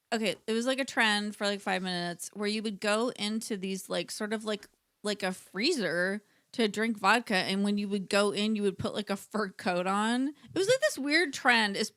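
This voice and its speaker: A woman's voice: medium pitch, normal speed, fairly bright tone, no room sound, studio quality. A woman co-hosting a casual chat, rambling storyteller with many fillers who laughs often. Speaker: podcast co-host.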